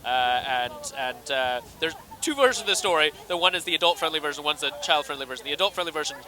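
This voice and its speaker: A man with a Scottish accent, chatting quickly and animatedly in an interview at a red carpet event. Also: fairly high pitch. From Scotland. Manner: fast, animated, acts out quoted voices. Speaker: interviewee, actor and magician.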